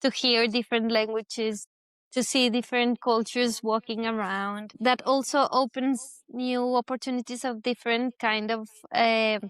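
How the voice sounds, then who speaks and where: A woman's voice: fairly high pitch, flat delivery, measured pace, a bit bright, clean tone, no room sound. A middle-aged Colombian woman, a guest speaking casual English as a second language, with small grammar slips. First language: Spanish. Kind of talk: casual interview.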